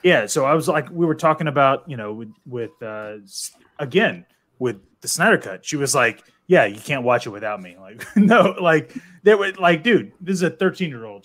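Man in his 30s, panel co-host, casual and animated. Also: mid-range voice. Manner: excitable, says "dude" and "like" a lot. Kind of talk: casual chat.

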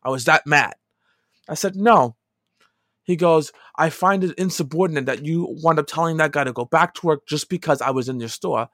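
A middle-aged man spins a personal story in a loose, chatty way, his voice sitting a little high for a man. He swings from hushed asides to loud bursts of emphasis. The recording is close and dry, with no room sound. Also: brisk, dry recording. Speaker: podcast co-host telling a story. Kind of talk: casual storytelling.

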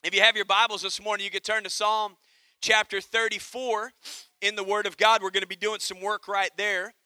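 A man preaching a sermon with lively energy, telling jokes and calling on the congregation for amens. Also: sits high, fairly quick, smooth, no room sound. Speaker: pastor.

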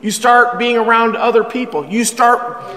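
A high, bright-voiced middle-aged man preaching with lively humor and emphasis, slowing down for scripture. His voice carries with a long reverb through a church hall. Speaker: pastor. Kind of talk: sermon.

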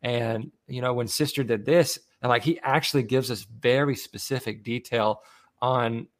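A man's voice: medium pitch, fairly even intonation, normal speed. A man hosting a casual podcast discussion among fathers, talking earnestly with many fillers and restarts. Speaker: podcast host leading discussion.

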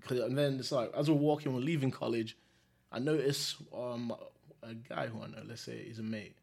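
A man's voice: mid-range voice, steady tone, normal speed, creaky, darkish tone, husky. A young adult man from England, a guest telling a story in a casual, slangy, laid-back way and laughing often.

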